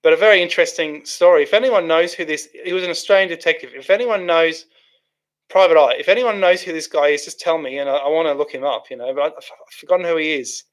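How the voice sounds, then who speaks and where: A man's voice: fairly high pitch, fast. Rambling man on a livestream. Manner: rambling, with restarts and frequent fillers. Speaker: livestream host reading chat. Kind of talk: casual livestream chat.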